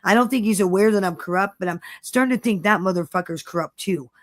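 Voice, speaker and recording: Profane, animated woman telling stories. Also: medium pitch, fast, dry recording, clean studio sound. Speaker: co-host. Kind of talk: casual chat.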